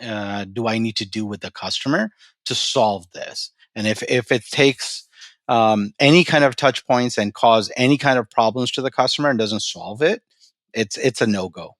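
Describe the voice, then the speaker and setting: Guy on a podcast telling a story, halting, repeats himself, dry sound. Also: medium pitch, a bit bright, no room sound. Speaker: podcast guest, storage company president. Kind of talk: casual interview talk and storytelling.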